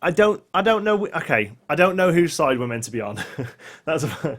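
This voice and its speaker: A man's voice: on the high side, very animated, brisk, fairly bright tone. A man co-hosting a podcast, reading news items in a dry, wry way and chatting casually. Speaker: podcast co-host.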